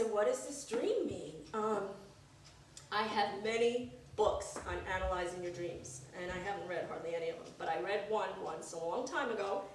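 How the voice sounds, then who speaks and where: Brief: expressive middle-aged woman telling a funny story live, distant mic, big reverberant room. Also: mid-range voice, slight background noise. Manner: animated, acts out voices. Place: performance room. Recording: echoey room from far off.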